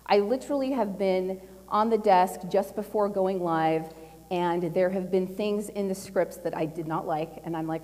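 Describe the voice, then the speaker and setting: A middle-aged woman giving a casual, animated talk at a conference, telling a personal story with a lot of fillers and laughter. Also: medium pitch. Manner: chatty and animated, laughing often, with lots of fillers. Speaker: conference speaker. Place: large conference hall. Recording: long hall reverb.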